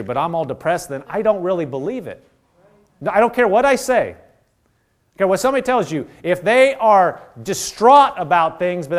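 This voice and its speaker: A man's voice: high voice, very animated, moderate pace. A man preaching a sermon, earnest and exhorting, often repeating phrases and restarting his sentences.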